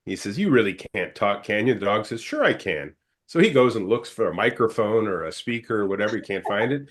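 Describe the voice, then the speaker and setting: A man tells a joke briskly, his pitch swinging widely as he acts out each voice in the story. The delivery is casual and conversational. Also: lively intonation. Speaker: panelist. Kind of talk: casual joke-telling on a talk show.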